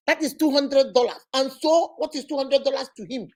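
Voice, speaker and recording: A woman's voice: fairly high pitch, fairly quick, hardly any pauses, a little mellow. A middle-aged Nigerian woman hosting a casual vlog, telling stories with laughter and rhetorical questions. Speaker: host.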